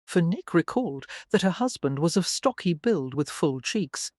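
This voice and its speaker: A narrator reads a romance novel in an even, measured way. The recording is dry and close, with no room sound. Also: medium pitch, no echo. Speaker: audiobook narrator. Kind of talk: scripted narration.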